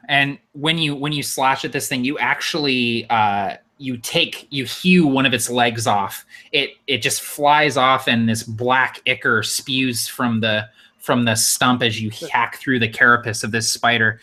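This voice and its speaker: Bright-voiced man running a tabletop game. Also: medium pitch. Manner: descriptive, easygoing narration with frequent fillers. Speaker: game master.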